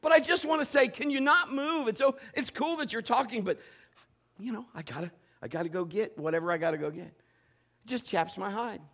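A man's voice: sits high, brisk, creaky. A middle-aged man, a pastor, giving a humorous sermon full of stories and acted-out quotes. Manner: storytelling with acted quotes, animated and joking.

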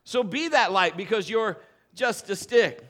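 High-pitched male preacher with a bright edge; excitable participation sermon to a live church. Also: a little slow. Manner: animated participation preaching, urging the congregation. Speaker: pastor. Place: church sanctuary with a congregation.

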